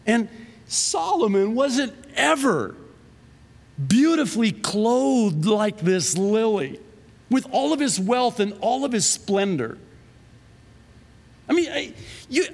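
A man with a fairly high voice preaches a sermon in a lively, conversational way, laughing at his own jokes. His words ring out with the long reverb of a large hall. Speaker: pastor.

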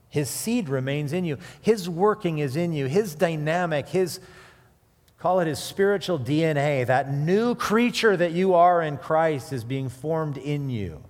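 A man preaching a sermon, mixing scripture with animated personal stories and jokes. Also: fairly high pitch. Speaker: pastor. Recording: long hall reverb.

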